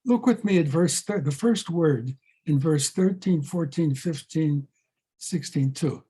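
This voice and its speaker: A man's voice: a little high, a little slow, mellow, husky. An older man, a rabbi, teaching a scripture class in a dramatic way, repeating key words for emphasis. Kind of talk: slow, emphatic scripture lesson.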